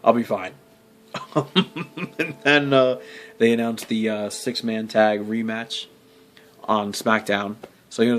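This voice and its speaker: A man's voice: fairly low pitch, slight background noise. A man giving a casual, rambling wrestling recap full of fillers, swearing and sudden exasperated outbursts. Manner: rambling, profane, many fillers and restarts; jumps to loud exasperated outbursts. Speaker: wrestling vlogger.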